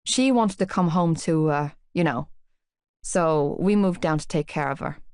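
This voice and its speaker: A woman reading an audiobook, voicing a calm young man from Dublin in a low, quiet, plain-spoken way. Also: unhurried, clear, resonant tone, dry recording, clean studio sound. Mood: subdued. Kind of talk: audiobook character voice.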